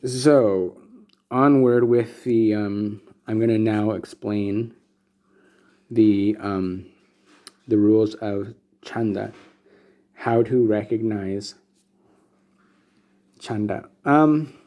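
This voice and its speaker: A man explaining Sanskrit script and meter as a teacher, relaxed and casual, with many pauses and fillers. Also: on the low side. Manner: relaxed, many ums and restarts. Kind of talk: explanatory lesson with slides.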